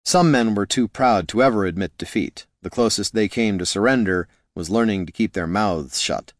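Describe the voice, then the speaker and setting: A man narrating a fantasy novel in a steady, measured way. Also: lowish voice, dry recording, studio quality. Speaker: audiobook narrator.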